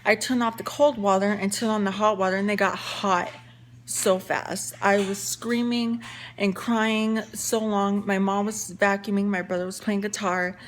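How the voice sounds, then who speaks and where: A young woman tells a story to her viewers in a chatty, rambling way, full of fillers and restarts. Her voice sits at a middle pitch, with a faint hiss behind it. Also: little pitch movement, measured pace. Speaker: vlogger. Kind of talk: casual story time.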